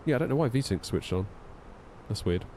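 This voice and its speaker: A man's voice: mid-range voice, animated, fairly quick, dark tone, slight background noise. A man chatting casually on a flight sim live stream, wry and a little tired, reading out chat messages as he goes. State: yawning, tired.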